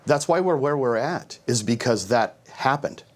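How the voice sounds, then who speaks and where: A man's voice: medium pitch, expressive, normal speed. A man answering as a sheriff candidate in a political debate, making pointed, combative rebuttals.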